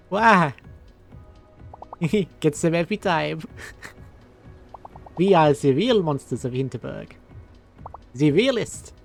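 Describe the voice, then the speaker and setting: A man's voice: on the high side, creaky, exaggerated voice. A man voicing grand, shady male monster creatures in a vague put-on foreign accent, drawn out and theatrical.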